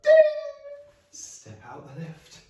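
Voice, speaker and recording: A man's voice: fairly high pitch, huge pitch swings, takes it slowly, distant mic. A man leading children through a playful action story with sound effects and coaxing prompts, as a music practitioner in a live online session. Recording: very echoey room, voice set back from the mic.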